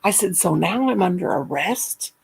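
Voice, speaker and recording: A middle-aged woman telling a funny story in a casual chat, animated and laughing as she goes. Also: lowish voice, moderate pace, creaky, a little hiss or hum, low-quality recording. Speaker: caller.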